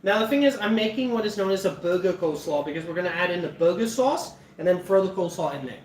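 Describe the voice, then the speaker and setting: A man's voice: sits high, lively intonation, fast. A man chatting casually while he cooks on a livestream, laughing often and swearing freely. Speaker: cooking streamer. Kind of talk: casual cooking livestream chat. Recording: roomy echo, mic at a distance, faint background noise.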